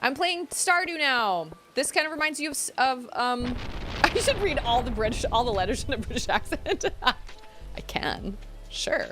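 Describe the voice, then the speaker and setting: A woman streaming a game, chatting casually, giggling and thinking out loud as she plays. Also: high-pitched, lively intonation, moderate pace. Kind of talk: casual gameplay streaming chat.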